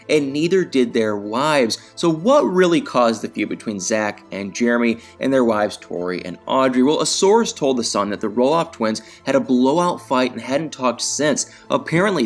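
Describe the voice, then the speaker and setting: A man hosting a celebrity gossip commentary, telling the story in a dramatic, chatty way with rhetorical questions. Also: mid-range voice. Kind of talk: scripted commentary.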